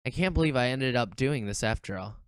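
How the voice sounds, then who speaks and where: A streamer casually commenting and reading game text aloud, animated, swearing and nervously laughing. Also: medium pitch, a little fast, clean tone, no room sound.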